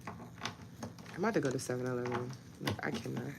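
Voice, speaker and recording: A woman's voice: rumbling low, quick pace, vocal fry, heavy background noise. A woman hosting a casual livestream, chatting directly to her viewers in a talkative, frustrated way. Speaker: livestream host. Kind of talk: casual live chat with viewers.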